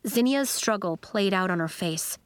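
A woman narrating a children's story in an expressive storytelling manner. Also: mid-range voice, moderate pace, clean tone, dry recording. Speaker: audiobook narrator.

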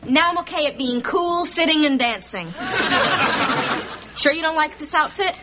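An actress playing a nervous younger sister who frets and makes self-deprecating jokes. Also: female voice, sits high, expressive, moderate pace, heavy background noise. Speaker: younger sister getting a makeover. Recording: sitcom audio with studio laughter.

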